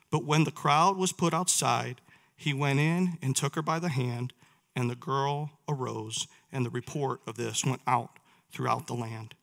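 A man's fairly high, fairly bright voice carries a sermon in which he reads scripture aloud and poses questions to his listeners.

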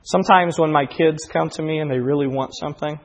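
Impassioned preacher, husky voice in a hall. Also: male voice, a little high, steady tone, a little fast. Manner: builds from quiet reflection to impassioned, near-shouted preaching. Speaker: pastor. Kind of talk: sermon. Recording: long hall reverb.

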